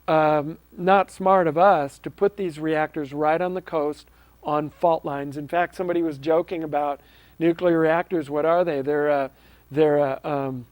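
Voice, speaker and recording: Seorang pria memandu acara TV komunitas lokal, berbicara santai tanpa naskah, dengan nada sungguh-sungguh dan banyak "um" serta ulangan kata. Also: male voice, fairly high pitch, a little mellow, no room sound. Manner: earnest, with frequent ums and restarts. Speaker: host of a local access TV show. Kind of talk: casual unscripted talk to camera.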